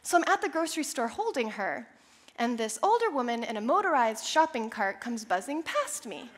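A young woman preaching a sermon, telling a personal story with animated, self-deprecating humor. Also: a little high, moderate pace. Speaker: church speaker.

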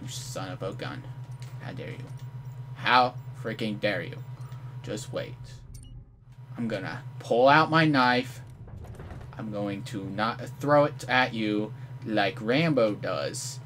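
A young man giving live gameplay commentary, trash-talking opponents with playful mock threats and sudden outraged yells. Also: fairly low pitch, expressive, slow pace, pauses often, slight background noise. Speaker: gamer commentator.

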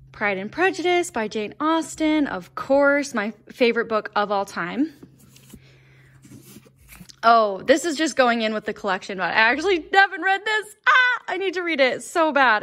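A woman's voice: a little high, fairly bright tone. Chatty giggly young woman vlogger. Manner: chatty, giggly, full of fillers. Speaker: book vlogger. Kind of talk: casual vlog chat. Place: home library room.

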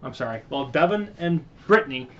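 A man reading his own science-fiction story aloud in a halting way, stopping to apologize and correct his slips. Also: mid-range voice, animated, fairly bright tone. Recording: muffled lo-fi recording.

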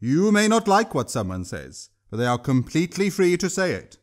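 Guy reading a stuffy rich lord, formal and measured, storybook reading. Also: fairly high pitch, big pitch swings, pitched above the performer's own voice. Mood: lofty, condescending. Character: pompous wealthy male lord. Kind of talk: audiobook reading.

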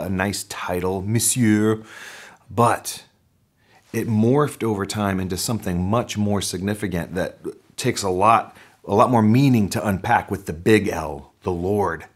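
A male pastor preaching a sermon in a lively, conversational way, his voice climbing on the points he stresses. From North America. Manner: animated preaching, pitch rising on emphasis.

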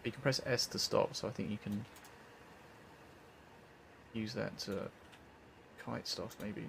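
A man's voice: fairly low pitch, slow, gravelly, slight background noise. A man streaming a co-op game, talking laid-back and swearing casually.

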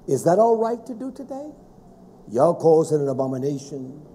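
A man preaching a sermon in a fervent, emphatic way, with sudden shouted stresses. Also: on the high side, very animated, normal speed.

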